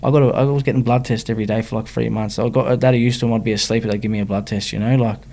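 A man's voice: on the low side, fairly even intonation, rapid-fire, gravelly, warm tone. An Australian man, a rapper, frankly telling his personal story as an interview guest, in slangy speech that keeps checking in with the listener. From Sydney, Australia. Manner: frank, slangy, often adds "you know what I mean".

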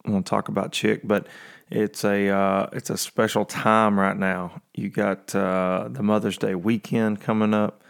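A man's voice: on the low side, little pitch movement, unhurried, vocal fry. A man hosting a podcast in casual chat, rambling and joking with many fillers, in his early morning voice. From Tennessee. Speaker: podcast host.

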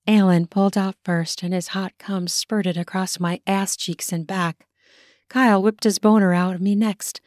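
A woman's voice: medium pitch, fairly even intonation, normal speed, darkish tone, dry recording, clean studio sound. A woman podcast host and author narrating her own erotic story in first person.

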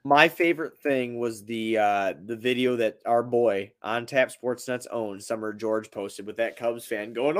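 A man's voice: medium pitch, moderate pace, hardly any pauses. A man co-hosting a casual sports podcast, talking in a heated, profane, jokey way. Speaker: podcast co-host.

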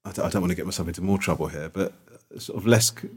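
A man's voice: low-pitched, very fast, a little mellow, breathy edge. A man co-hosting a podcast in casual chat, rambling and correcting himself, often laughing. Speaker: podcast co-host.

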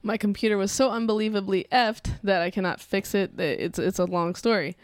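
A woman co-hosting a podcast, telling an animated story with frequent laughs and acted-out voices. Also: fairly quick, no echo, studio quality. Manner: animated storyteller, laughs often, acts out others in a high voice. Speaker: podcast co-host. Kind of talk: casual chat.

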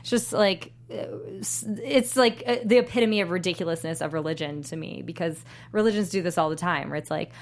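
A woman on a podcast talks in an animated, chatty way, with a lot of "like" and "um". Her voice sits a little low, and she laughs as she talks. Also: brisk, few pauses. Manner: animated, filler-heavy, laughing while talking. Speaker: podcast co-host. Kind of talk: casual chat.

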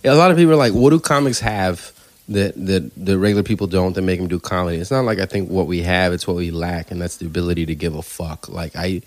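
A man, a stand-up comedian telling stories on a podcast in a casual, animated way, swearing freely. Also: low-pitched, quick pace, dry recording. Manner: animated storyteller, swears freely, acts out quoted voices.

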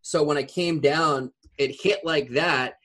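This man, in his forties, has a fairly high voice and speaks slowly. Chatting casually, he rambles through an animated retelling of a story, packing it with fillers.

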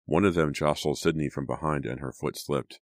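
Very deep-voiced male audiobook narrator. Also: fairly quick, no room sound, clean studio sound. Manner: steady, dramatic storytelling.

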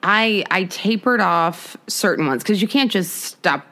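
A woman's voice: medium pitch, animated, measured pace, a bit bright. A young woman co-hosting a podcast in casual chat, candid and rambling, swearing freely. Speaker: podcast co-host.

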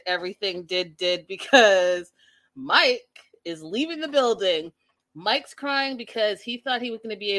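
A young woman chatting casually to her viewers in an animated, gossipy way as she reviews a reality show. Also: mid-range voice. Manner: animated, gossipy, says y'all.

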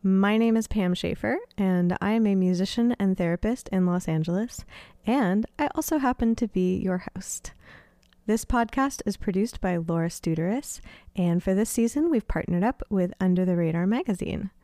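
A woman's voice: medium pitch, moderate pace, dark tone, dry recording, studio quality. A woman host reading a scripted podcast intro in an upbeat, friendly way.

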